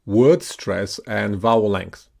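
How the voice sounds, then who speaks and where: Slow, gravelly male pronunciation teacher. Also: fairly low pitch, a little mellow. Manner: patient, deliberate, stretches words out to model stress. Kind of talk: slow instructional lesson with repeat-after-me drills.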